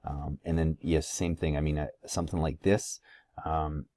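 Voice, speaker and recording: A man giving a casual, halting consultation voice-over, full of fillers and restarts. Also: rumbling low, flat delivery, warm tone, no echo, studio quality. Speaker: lighting consultant.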